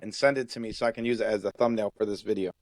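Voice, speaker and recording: Male podcast host, relaxed and casual, dry close recording. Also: on the low side, very fast, dry recording, poor audio. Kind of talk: casual chat.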